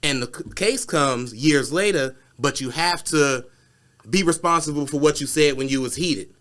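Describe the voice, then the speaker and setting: Bright-voiced man telling a story casually. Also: on the high side, moderate pace. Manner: animated storytelling, acts out voices with cursing. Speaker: podcast co-host. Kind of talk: casual chat.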